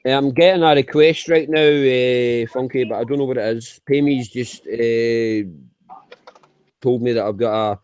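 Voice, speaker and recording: A man's voice: mid-range voice, fairly even intonation, measured pace, darkish tone, clear, resonant tone, no room sound. A man singing on a livestream who chats casually, swears a lot and stumbles over repeated words. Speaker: livestream singer. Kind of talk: casual chat.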